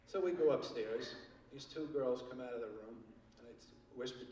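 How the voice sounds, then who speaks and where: An older man with a medium-pitched voice, speaking at a normal speed, performs stand-up comedy on a theater stage, telling wry stories that end in crude punchlines. The recording is distant and echoey, with background noise and a loud audience.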